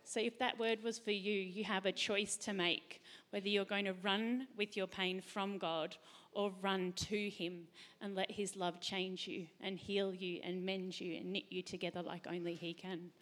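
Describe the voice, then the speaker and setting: A middle-aged woman hosting a faith talk panel, chatty and quick to laugh. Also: medium pitch, little pitch movement, a bit bright. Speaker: host.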